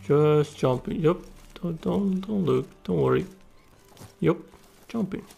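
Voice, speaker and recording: A gaming YouTuber with a high-pitched, gravelly, dark-toned voice speaks slowly while playing a video game. His let's play commentary is profane and exclamatory, with game music playing behind him.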